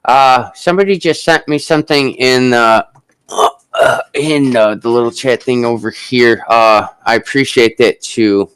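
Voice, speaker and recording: A man hosting a casual live stock chat, talking in a halting way with many drawn-out fillers. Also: medium pitch, fairly bright tone, smooth, dry recording, low-quality recording.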